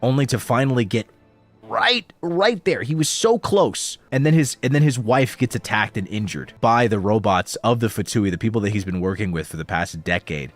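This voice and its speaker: A man's voice: on the low side, fairly quick, few pauses, faint music behind. A man giving casual, blunt commentary as he critiques voice acting and swears freely. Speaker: streamer reviewing voice acting.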